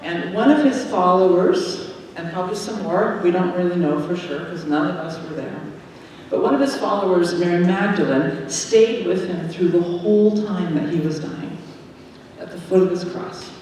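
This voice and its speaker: Woman, minister, gentle children's storytelling, long church reverb, distant mic, faint hiss. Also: on the low side, normal speed. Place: large church sanctuary. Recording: echoey sanctuary from far off.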